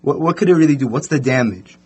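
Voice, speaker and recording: A man's voice: medium pitch, quick pace, a little mellow, husky. A man voicing a sheepish, scheming drunk husband in a casual story. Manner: pleading, then smug.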